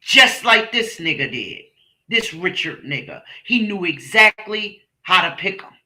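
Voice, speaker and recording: A woman's voice: fairly low pitch, very animated, unhurried, bright, forceful tone, roomy sound. A woman hosting a livestream, delivering heated, profane and scornful commentary. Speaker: channel host, commentator.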